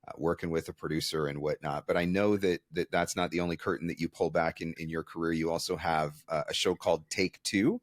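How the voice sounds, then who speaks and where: Low-voiced man hosting an interview. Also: fairly even intonation, brisk, few pauses, no room sound, studio quality. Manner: candid, self-deprecating storytelling. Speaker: podcast host. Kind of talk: conversational interview.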